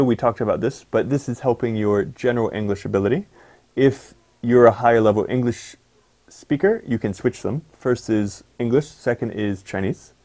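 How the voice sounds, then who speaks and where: A man's voice: medium pitch, mellow. A man teaching an English pronunciation lesson for exam students, giving instructions and emphatic reminders. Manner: slow deliberate dictation of example sentences.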